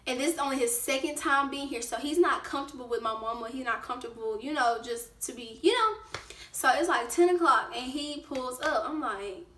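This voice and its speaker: A woman vlogger telling a casual storytime, lively and acting out what people said. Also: high-pitched, fairly quick, recorded from a distance. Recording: roomy echo, away from the mic.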